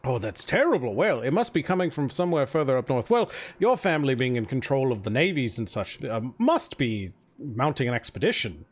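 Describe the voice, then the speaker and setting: A man's voice: medium pitch, big pitch swings, brisk, hardly any pauses, breathy edge. A man voicing a fussy, effusive male town mayor who fawns over his guests in a tabletop game. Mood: gushing. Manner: effusive, overly polite host.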